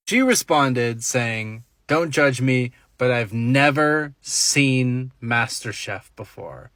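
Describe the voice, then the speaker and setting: A man's voice: mid-range voice, expressive, takes it slowly, hardly any pauses, bright, forceful tone, no room sound. A young man telling a comic dating story, playful and mock-dramatic in his quotes.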